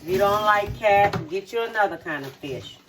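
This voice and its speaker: With a medium-pitched voice, lively intonation and normal speed, this middle-aged channel host cooks in her home kitchen against background noise. Her casual demonstration is homey and repetitive, punctuated by "okay?" check-ins.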